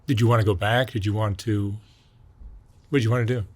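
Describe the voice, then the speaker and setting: Quick-talking man asking short questions. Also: fairly low pitch, fairly even intonation, darkish tone. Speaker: interviewer.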